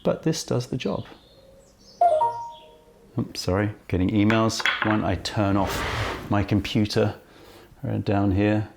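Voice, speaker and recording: A man who owns a tea shop presents a casual tea-tasting vlog, filmed on a camera held right in front of his face. He comes across as highly caffeinated and chatty, full of asides that interrupt himself, yet his delivery is slow and gravelly with frequent pauses, over a noisy background.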